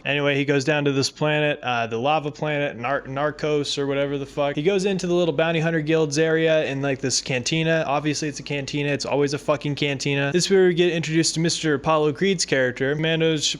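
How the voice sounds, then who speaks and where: A man giving a sarcastic, swear-filled comedic recap of a show, slipping into goofy mock voices for the characters. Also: fairly high pitch. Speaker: YouTube recap host.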